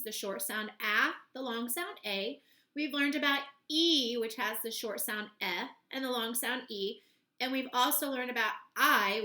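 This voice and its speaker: A woman teaching a phonics lesson to young children, speaking slowly and clearly and sounding out words in parts. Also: a little high, bright, forceful tone. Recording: echoey room.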